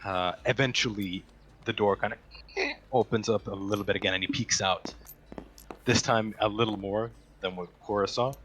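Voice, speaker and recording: A man's voice: on the low side, fairly even intonation, normal speed, fairly bright tone, a little hiss or hum. A man narrating a tabletop game as game master, with frequent hesitant fillers.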